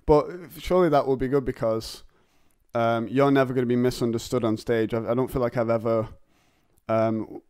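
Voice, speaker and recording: A man's voice: mid-range voice, flat delivery, a little mellow, clean tone, dry recording, clean studio sound. A man with a Northern English accent hosting a casual podcast chat, joking and restarting his words often. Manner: jokey, quick restarts and repeated words. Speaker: podcast host.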